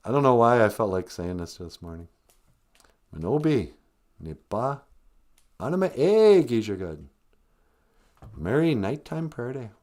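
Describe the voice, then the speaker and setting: A man's voice: medium pitch, big pitch swings, takes it slowly, pauses often, a little mellow. A man hosting a comedy podcast, rambling sarcastically with mumbled asides. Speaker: podcast host.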